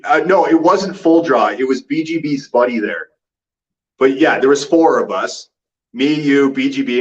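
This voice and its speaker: A man's voice: mid-range voice, recorded from a distance, muffled recording. A man on a podcast who tells events steadily, step by step. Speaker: podcast guest. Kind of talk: casual storytelling chat.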